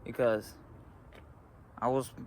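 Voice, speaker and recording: Beside a road, a teenage boy tells a casual story to his phone camera for a vlog, using a flat, mid-range voice. He rambles and hesitates with frequent fillers while faint traffic hums outdoors.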